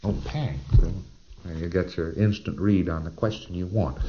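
A man's voice: low voice, steady tone, normal speed, muffled recording, noisy background. A man giving a conversational, emphatic lecture with asides and rhetorical questions. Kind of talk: recorded lecture.

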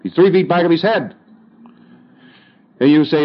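A man's voice: a little high, moderate pace, muffled recording. A man giving a recorded instructional lecture in a conversational, emphatic way, with folksy asides and fillers.

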